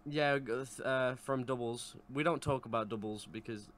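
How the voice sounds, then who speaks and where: A man's voice: mid-range voice, normal speed, a bit bright. A man co-hosting a podcast in casual chat, teasing and dry. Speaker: podcast co-host.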